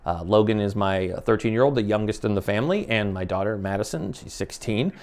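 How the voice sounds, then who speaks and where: A man's voice: on the low side, animated, fairly quick, a little mellow. A man in his forties, from the United States, hosting an interview in a passionate, emphatic way, often restarting his sentences. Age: 40s. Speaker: show host. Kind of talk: conversational interview.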